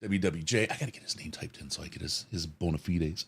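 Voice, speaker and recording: A man co-hosting a live-stream podcast, reading out donations and thanking people with halting restarts and chuckles. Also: sits low, vocal fry, breathy edge. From Detroit area. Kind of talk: casual live-stream chat.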